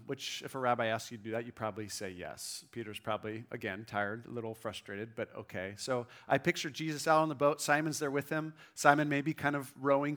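Guy preaching a sermon, bright clear voice, chatty and animated, keeps asking right?. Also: mid-range voice. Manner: conversational, animated storytelling with frequent "right?". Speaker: pastor.

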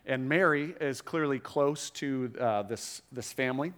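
A man's voice: mid-range voice, measured pace, a bit bright, clean tone. A middle-aged man preaching a sermon to a room, conversational, with frequent asides and restarts. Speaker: pastor.

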